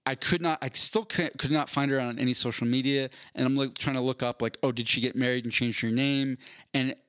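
A man's voice: mid-range voice, steady tone, fairly quick, a bit bright, clean tone, no room sound, studio quality. Rambling man telling a story. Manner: rambling, self-deprecating, many restarts. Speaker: podcast co-host. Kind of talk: casual storytelling chat.

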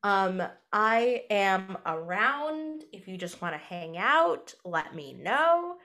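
A woman guest on a podcast, chatting casually in a rambling, self-mocking way with many pauses. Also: medium pitch, sing-song, bright, forceful tone. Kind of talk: casual chat.

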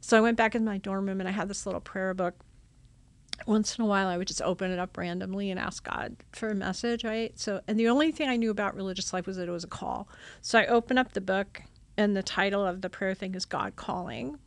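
A religious sister telling her vocation story in a casual, animated way, acting out old conversations. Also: medium pitch, quick pace, dry recording. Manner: animated, acts out her own past dialogue with laughs.

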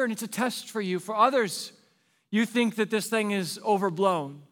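A man's voice: high voice, moderate pace, big-room sound. A male pastor preaching a sermon in an earnest, pleading way, repeating rhetorical questions to the congregation.

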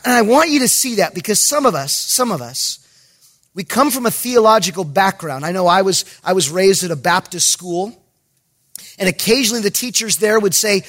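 A pastor giving an emphatic sermon, with jokey asides and bursts of raised voice. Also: male voice, high voice, expressive, normal speed, fairly bright tone.

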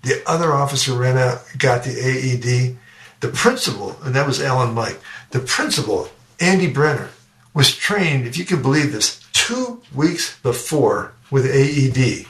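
A man's voice: mid-range voice, animated, moderate pace, a bit bright. Older man telling his story in a roomy echo. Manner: earnest, repeats words while telling a story. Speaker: guest educator and speaker. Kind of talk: personal storytelling in a podcast interview. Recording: roomy sound, distant from the mic.

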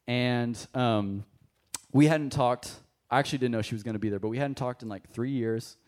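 A young man preaching a sermon, telling a personal story in a casual, animated way and addressing the congregation directly. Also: mid-range voice, normal speed. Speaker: pastor. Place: church service.

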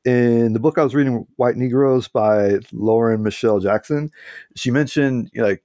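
A man's voice: on the low side, a little mellow, no echo, studio quality. An American man talking casually as a podcast guest, loose and chatty with lots of fillers. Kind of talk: casual interview talk.

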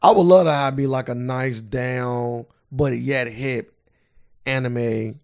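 A man co-hosting a podcast, telling an animated story in casual banter, swearing freely. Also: medium pitch, slow, clean tone. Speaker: podcast co-host.

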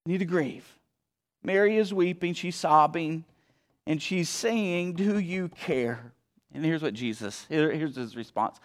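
A man pastor preaching a sermon, swinging between hushed lines and emphatic ones. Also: a little high, unhurried.

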